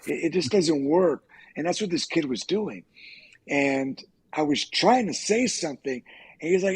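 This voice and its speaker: A middle-aged man, an actor on a podcast, casually telling profane, animated stories and acting out quoted lines. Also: on the high side, a little slow, husky. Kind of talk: casual storytelling.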